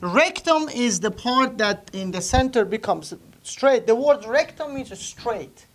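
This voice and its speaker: A male anatomy instructor with a very high, bright voice and lively intonation speaks slowly to a live class. During the lecture he writes on the board, quizzes students, and repeats the key terms.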